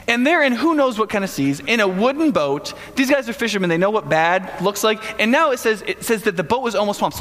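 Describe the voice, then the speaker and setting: Lively, bright-voiced male preacher in a hall. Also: sits high. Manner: casual, humorous storytelling with acted-out voices. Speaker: pastor. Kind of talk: sermon. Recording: long hall reverb.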